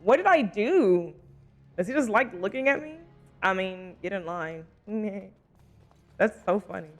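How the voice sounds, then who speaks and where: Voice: medium pitch, animated, unhurried, fairly bright tone, soft background music. A young adult streamer in casual live stream chat while gaming, giggly, chatty and playfully teasing.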